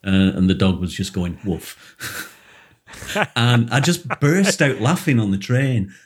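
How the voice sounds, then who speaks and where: A business coach hosting a podcast, telling anecdotes in a casual chat over a video call from a small spare room. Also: male voice, medium pitch, big pitch swings, moderate pace.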